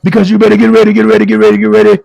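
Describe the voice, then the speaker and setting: A man putting on a loud Southern preacher. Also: high voice, completely flat delivery, racing, creaky, no room sound, voice pushed up. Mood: preaching. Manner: preachy, rising and shouting.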